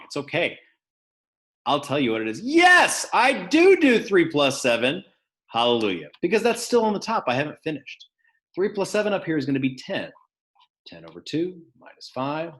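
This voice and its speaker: A male math teacher teaching an online class, dropping his voice low and then bursting out loud to wake students up, on a computer mic. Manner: shifts from hushed to sudden loud bursts. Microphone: computer mic on a video call.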